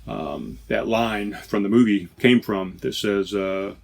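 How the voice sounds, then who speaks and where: A man's voice: on the low side, steady tone, slow, creaky. A man hosting a podcast in casual chat, rambling and correcting himself as he talks from inside a trailer. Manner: rambling, self-correcting, chatty. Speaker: podcast host. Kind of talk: casual beer-tasting chat.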